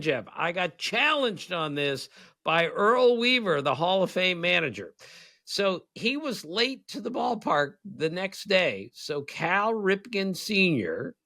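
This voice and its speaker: A man in his sixties with a somewhat high, gravelly voice, telling long anecdotes as a podcast co-host. He rambles along with frequent chuckles. The sound is close and dry. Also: sharp tone, no room sound. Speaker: co-host, former baseball writer. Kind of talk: casual storytelling chat.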